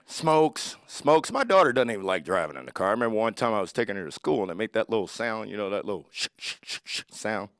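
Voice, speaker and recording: Forties stand-up comic, gravelly, animated, dry close mic. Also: male voice, on the low side, fast, hardly any pauses, no echo. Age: 40s. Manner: lively storytelling with acted-out voices. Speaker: stand-up comedian. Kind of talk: stand-up comedy set.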